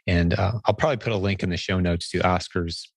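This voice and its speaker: A man's voice: sits low, steady tone, fairly quick, gravelly, dry recording. A man hosting a podcast interview, talking in an enthusiastic, rambling way with frequent self-corrections. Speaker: podcast host. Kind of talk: conversational interview.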